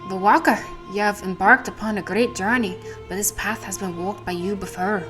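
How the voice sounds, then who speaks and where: Cryptic female seer, a woman doing it in an Irish accent, solemn prophecies at a mid pitch over game music. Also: steady tone, moderate pace, a bit bright, natural voice. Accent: put-on Irish. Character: cryptic female fortune teller, solemn, riddling. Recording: game music playing behind.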